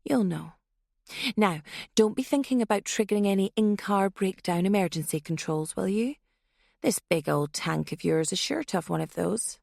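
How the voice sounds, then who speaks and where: A woman voicing a young female killer with a knife, quiet, taunting and cold in her menace. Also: mid-range voice, lively intonation, normal speed, creaky, dry recording, studio quality.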